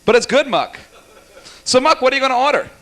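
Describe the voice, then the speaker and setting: A young man doing stand-up comedy at a small cafe, teasing the audience in a rapid, jokey way. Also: very high voice, lively intonation, bright, forceful tone. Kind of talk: stand-up comedy with crowd work.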